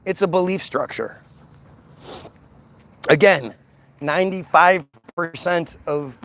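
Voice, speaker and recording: Male commentator, agitated unscripted rant, raised pitch, stumbling repeats. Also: a little hiss or hum. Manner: ranting, agitated; repeats and restarts words. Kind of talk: unscripted monologue.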